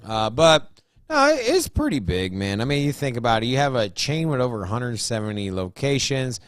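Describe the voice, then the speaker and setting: A man's voice: mid-range voice, sing-song, normal speed, no room sound, clean studio sound. A man co-hosting a casual crypto show, rambling through his points with many restarts and "you know"s. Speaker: co-host. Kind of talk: casual chat.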